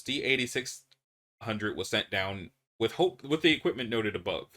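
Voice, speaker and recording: A man narrating a horror report in an even, matter-of-fact reading. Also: fairly low pitch, normal speed.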